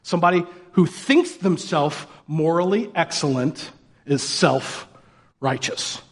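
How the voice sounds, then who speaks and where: A man delivering a sermon in a loose, conversational way. His voice sits slightly high for a man, and he keeps throwing rhetorical questions at his listeners. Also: slightly rough. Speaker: pastor.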